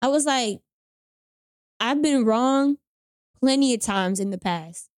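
A woman's voice: fairly high pitch, slow pace, no echo, studio quality. Young woman animatedly retelling a breakup. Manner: animated retelling with quoted voices and slang. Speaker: storyteller guest. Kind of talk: casual chat.

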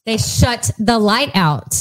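A woman with a South Texas accent bantering playfully and laughing often. Her voice sits a little high and swings widely in pitch as she talks. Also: animated, slow pace, no room sound. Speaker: co-host. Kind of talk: casual banter.

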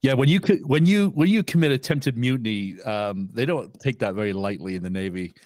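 A man's voice: mid-range voice, lively intonation, brisk, a little mellow, dry recording. A man co-hosting a casual movie podcast, laid-back and agreeable, adding short comments. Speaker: podcast co-host.

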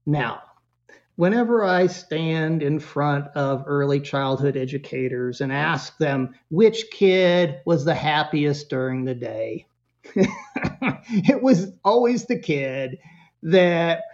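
A man chatting casually as a guest expert, animated and joking as he tells stories and acts out bits of dialogue. The audio is muffled and lo-fi, like a podcast recording. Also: on the high side, unhurried, creaky. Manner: animated storyteller, acts out voices, jokey. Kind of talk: casual interview chat.

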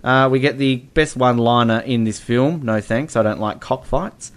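A man's voice: medium pitch, normal speed. A man co-hosting a casual film review chat, rambling with many ums and slipping into playful impressions. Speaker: podcast co-host.

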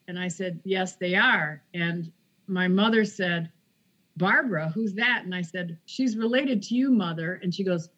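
A woman guest tells a personal story in an easy, conversational way. She acts out each quoted exchange as she goes. Her voice sits at a middling pitch, and the recording sounds a little dull and lo-fi. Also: a little slow, fairly bright tone. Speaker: guest author. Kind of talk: casual storytelling interview.

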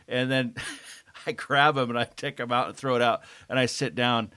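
A man's voice: mid-range voice, steady tone, moderate pace, bright, forceful tone, clean tone, no echo. A man co-hosting a podcast, telling a funny anecdote in an easygoing casual chat. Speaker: podcast co-host.

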